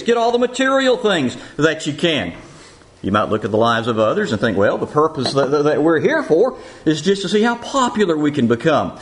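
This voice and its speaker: A male preacher with a somewhat high-pitched voice delivers an earnest sermon. He teaches in an even tone, asks rhetorical questions and slows to read scripture aloud. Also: rough recording.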